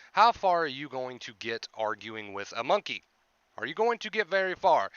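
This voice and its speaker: A man coaching on anxiety in an earnest explanatory monologue, piling up rhetorical questions and tagging "right?", and clearing his throat now and then. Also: medium pitch, pushed and bright, dry recording, highs cut off. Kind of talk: explanatory self-help monologue.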